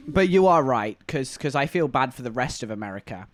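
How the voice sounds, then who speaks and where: A man's voice: medium pitch, moderate pace. English guy streaming, rambles a lot, bouncy up-and-down voice. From England. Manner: rambling, animated, chatting to viewers. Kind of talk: casual live-stream chat.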